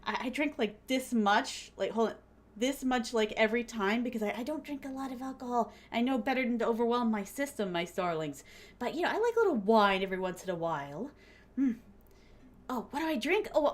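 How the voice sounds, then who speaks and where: A young adult woman talks casually to her chat while she plays a game, with a slightly high voice. She is bubbly and giggly, fills her talk with little fillers, and breaks into squeals now and then. She calls her viewers fond pet names. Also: expressive, a little fast. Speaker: streamer.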